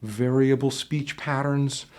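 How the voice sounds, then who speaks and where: This man's mid-range voice is slow, a little mellow, and fairly even in intonation. Wearing a headset mic, he gives an instructional talk to camera with relaxed tips on job interviews, occasionally showing how voices shift.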